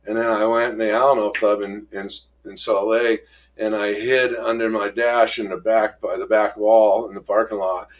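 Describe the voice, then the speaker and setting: Rough-spoken man telling his story. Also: on the low side, level tone, normal speed. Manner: rough-spoken, acts out past exchanges in raised voices. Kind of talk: candid storytelling in an interview.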